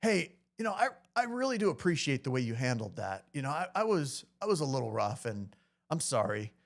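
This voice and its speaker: A man voicing a gruff, suspicious older male rancher who talks bluntly and haltingly. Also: mid-range voice, big pitch swings. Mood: apologetic.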